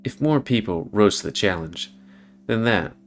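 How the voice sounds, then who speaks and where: A man voicing a gruff older father in a visual novel, talking low and slow with a dry drawl. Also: lively intonation, soft background music.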